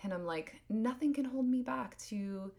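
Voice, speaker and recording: A woman's voice: on the high side, lively intonation, normal speed, creaky, a little mellow. A woman in her thirties hosting a solo podcast, talking earnestly and rambling, full of "like" and restarts. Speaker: podcast host. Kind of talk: casual solo podcast monologue.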